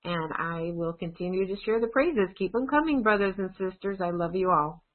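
A woman with a slightly low voice reads out praises for her church group and affirms each one. The sound is thin and phone-like. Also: expressive, normal speed. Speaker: church member reading out praises. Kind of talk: reading out prayer praises. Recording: phone-line audio.

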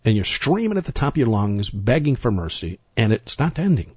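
Husky male preacher, lowish voice, dry dull lo-fi sound, emphatic and rambling. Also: sing-song, a little fast, darkish tone, no room sound. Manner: emphatic, rambling, repeats words and restarts. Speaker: Bible teacher. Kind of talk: sermon-style Bible teaching.

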